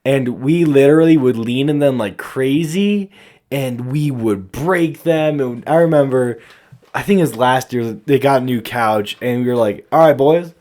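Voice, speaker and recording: A man's voice: medium pitch, a little slow. A man co-hosting a podcast, telling school stories in casual chat and acting out what people said. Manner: animated storyteller, acts out quotes. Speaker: podcast co-host.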